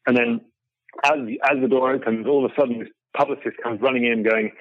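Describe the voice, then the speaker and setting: A middle-aged man speaks as an interview guest and tells his stories with animation, laughing often and restarting his sentences. He sits at an average pitch for a man. His voice comes over a remote call, with dry, slightly muffled sound. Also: sing-song, fast, gravelly, no echo. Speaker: guest photographer. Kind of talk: casual storytelling in an interview.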